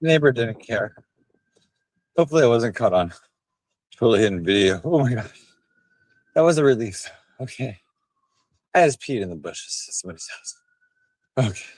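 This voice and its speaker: A man's voice: mid-range voice, expressive, normal speed, pauses often, darkish tone, no room sound. A tipsy man live streaming while walking outdoors, rambling and bantering rowdily with his chat on a handheld phone. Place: outdoors on town streets.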